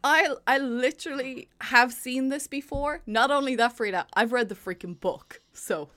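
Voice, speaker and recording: A woman summing up a film with dry sarcasm, her voice somewhat high and bright. She slides into fast, exasperated rants about it. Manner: wry, sarcastic, quick rants. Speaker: podcast co-host. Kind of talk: casual film review chat.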